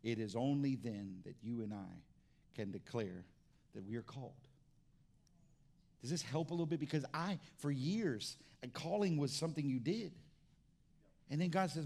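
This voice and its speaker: A man's voice: mid-range voice, expressive, moderate pace, creaky, long pauses, a little mellow. A middle-aged pastor preaching a sermon in a conversational way, often restarting his sentences.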